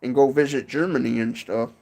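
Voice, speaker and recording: A man's voice: mid-range voice, moderate pace, creaky, a little mellow. A man with a Michigan accent chatting casually on a livestream from his porch, rambling and often tacking on "and stuff". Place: home porch, outdoors.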